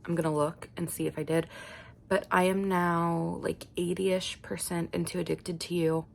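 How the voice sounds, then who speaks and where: A woman's voice: fairly low pitch, level tone, moderate pace, vocal fry. A young woman chatting in a casual reading vlog, gushing and laughing often as she talks about what she's reading. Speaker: book vlogger.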